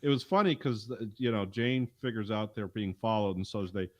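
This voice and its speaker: A man's voice: fairly low pitch, fairly quick, a little mellow. A man co-hosting a podcast, chatting casually and rambling through an episode recap with plenty of fillers. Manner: rambling, conversational, with frequent fillers. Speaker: podcast co-host.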